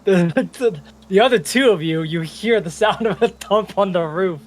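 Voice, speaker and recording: A man's voice: high voice, normal speed. A young man narrating as game master, loose and chatty, breaking into chuckles as he describes the scene.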